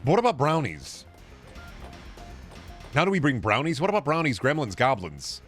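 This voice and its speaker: A man's voice: medium pitch, wildly swooping pitch, normal speed, fairly bright tone, faint music behind. A young man streaming a game and chatting casually, rambling and profane, often stammering and restarting his sentences.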